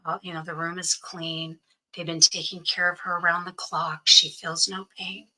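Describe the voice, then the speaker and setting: A woman interview guest earnestly shares a personal story, quoting the things others said to her. She speaks at a moderate pace in a fairly low, sharp voice with little pitch movement, and the audio is poor.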